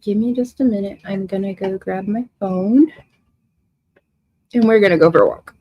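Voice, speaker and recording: A livestream host reads viewers' comments aloud and answers them with emotion and a confrontational streak. Her voice is medium-pitched and breathy at the edges, moving at a moderate pace, and the recording is muffled but free of echo.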